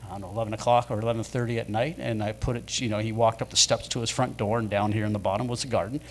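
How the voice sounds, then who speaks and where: A man's voice: fairly low pitch, steady tone, racing, slight background noise. A man telling casual anecdotes as a guest at a live show in a pub, rambling, with many fillers.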